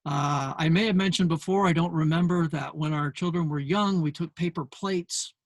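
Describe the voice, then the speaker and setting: A man's voice: a little high, moderate pace, no room sound. An older man hosting a parenting show, explaining a book in an earnest talk with many fillers. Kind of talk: casual talk to camera.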